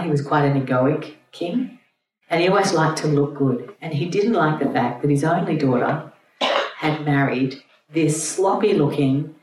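A woman's voice: low-pitched, a little mellow. A woman teacher retelling a myth to a group in a chatty, irreverent storytelling way. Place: room with an audience. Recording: roomy, distant mic, faint hum.

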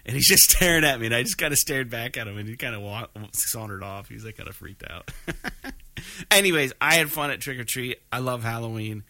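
A man's voice: medium pitch, brisk, no room sound. A man hosting a podcast, telling a rambling story in casual chat with lots of fillers. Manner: animated, rambling with many fillers. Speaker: podcast host.

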